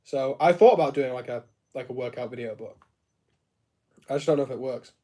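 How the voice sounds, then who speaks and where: A man's voice: mid-range voice, a little fast, dark tone. A man chatting casually on a live stream, answering viewers, joking and laughing often and filling his sentences with "like". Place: home studio room.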